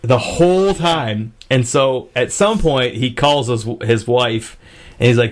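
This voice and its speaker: A man's voice: mid-range voice, slow. Profane rambling man telling a story. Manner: profane, rambling with fillers and restarts. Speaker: podcast host. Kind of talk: casual storytelling.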